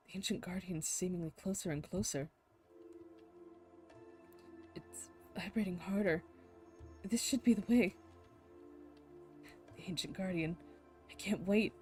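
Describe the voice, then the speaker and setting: Woman streaming a game, reads all the lines out herself, cracks up loud now and then, faint music under her. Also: fairly low pitch, normal speed, pauses often. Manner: reads every character herself, breaks into loud laughing reactions. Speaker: game streamer voicing the story. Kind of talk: reading game dialogue aloud with live reactions.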